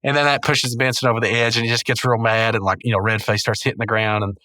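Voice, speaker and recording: A man's voice: medium pitch, flat delivery, fast talker, sharp tone, dry recording. A man hosting a podcast, casually recapping a cartoon in a rambling, self-correcting way with chuckles, on a close mic. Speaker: podcast host.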